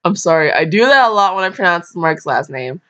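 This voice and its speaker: Woman, casual fanfic reader at home. Low-ish voice with lively pitch, chatty, self-mocking; dull lo-fi computer-mic sound. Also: fairly quick. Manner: chatty, self-deprecating, apologetic asides. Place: her bedroom at home.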